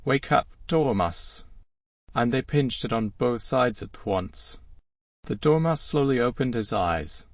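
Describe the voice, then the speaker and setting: Guy reading a storybook aloud, even pace, dry, bit far from mic. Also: mid-range voice, measured pace, no room sound. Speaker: narrator. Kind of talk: audiobook narration.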